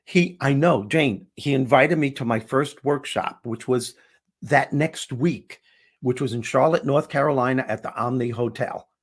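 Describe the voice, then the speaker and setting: A man with a husky, somewhat breathy voice tells a story in conversation. He acts out every exchange, dropping his voice low for the quiet moments and lifting it for the excited ones. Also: measured pace. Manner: acts out dialogue, shifting voice for each person. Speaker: guest, comedian and speaker.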